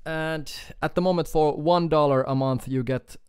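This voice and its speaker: A man from Finland with a Finnish accent, chatting casually on a live stream with halting speech, fillers and chuckles. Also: fairly high pitch, steady tone, a little mellow, clear, resonant tone, dry recording, studio quality. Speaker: guitar YouTuber streaming.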